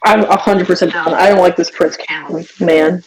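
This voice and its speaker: A woman playing a tabletop game, speaking eagerly in character with quick reactions. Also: lowish voice, steady tone, a crowd in the background, poor audio. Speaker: player. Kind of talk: casual tabletop role-play.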